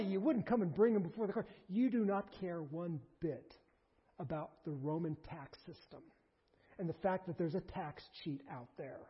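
A man preaching a sermon in an animated way, surging to emphatic bursts and dropping low, recorded in a large hall. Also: moderate pace, slightly rough. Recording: dull lo-fi recording in a reverberant hall.

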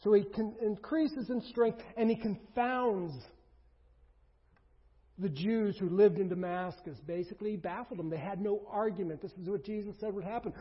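High-voiced, husky male preacher in a hall. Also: moderate pace. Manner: emphatic, asks rhetorical questions, swings between loud and hushed. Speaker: pastor. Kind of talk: sermon. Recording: reverberant hall, dull lo-fi sound.

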